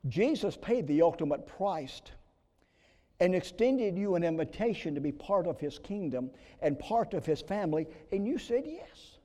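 Pastor, man, fairly high voice with mellow tone, preaching with big swings to whispers, long church reverb. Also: big pitch swings, normal speed. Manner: dramatic swings from loud emphasis to hushed whispers. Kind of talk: sermon. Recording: long reverb of a large hall.

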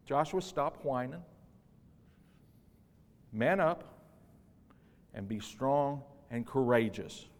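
Man giving a sermon, goes soft then loud and punchy, long echo like a big church. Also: medium pitch, animated, slow, pauses often. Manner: swings from hushed and tender to loud and emphatic. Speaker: preacher. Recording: long hall reverb.

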